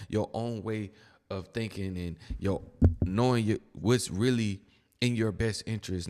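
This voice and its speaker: A man's voice: on the low side, darkish tone, long reverb tail. A man giving casual reaction commentary in a blunt, slangy, exasperated manner.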